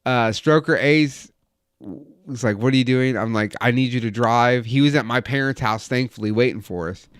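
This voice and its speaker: A man's voice: mid-range voice, normal speed, smooth, dry recording, studio quality. A man in his thirties telling a wild, profane story in casual chat as a podcast host. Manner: profane, animated anecdote telling.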